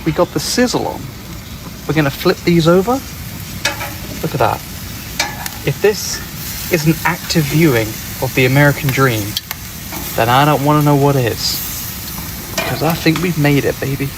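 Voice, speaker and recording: A man's voice: a little high, moderate pace, long pauses. British man, laid-back grill vlog, sizzling noise. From England. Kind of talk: casual cooking vlog. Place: outdoors at a back-garden grill.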